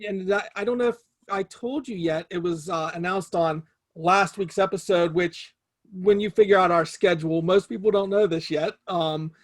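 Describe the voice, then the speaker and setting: A man's voice: high-pitched, normal speed. A man co-hosting a podcast, sharing news with a guest in a chatty, casual way. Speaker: podcast co-host. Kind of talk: casual interview chat.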